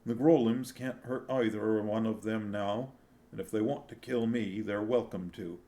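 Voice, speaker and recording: Dude doing a beaten-down hungry serf, flat dead voice, kinda shaky. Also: male voice, fairly low pitch, measured pace. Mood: hopeless. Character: starving male serf, worn-out and hopeless. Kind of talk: reading a novel aloud.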